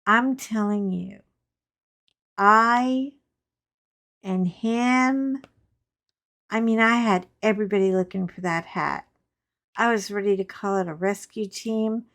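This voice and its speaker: Unhurried chatty woman telling stories. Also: medium pitch. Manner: chatty, animated storyteller with frank asides. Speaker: crafting channel host. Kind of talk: casual storytelling chat while crafting.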